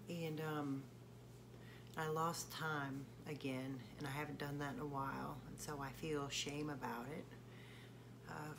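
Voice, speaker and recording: A woman singer-songwriter talking in a personal video confession, hesitant and halting with many fillers. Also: low voice, noisy background.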